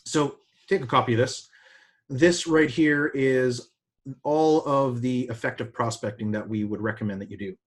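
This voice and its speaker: A man speaking as a business coach in a seminar talk, conversational and energetic, with sudden excited jumps in pitch. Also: moderate pace.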